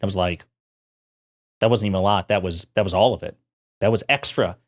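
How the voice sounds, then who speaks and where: A man's voice: deep voice, a little fast. Chatty sarcastic man commenting on politics. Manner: chatty, sarcastic, with frequent fillers.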